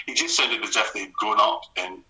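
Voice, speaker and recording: A middle-aged Scottish man, a comedy writer, telling stories in a casual radio conversation with quick restarts and laughs. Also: on the low side, faint music behind, rough recording. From Scotland. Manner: rapid, animated storytelling with restarts and laughs.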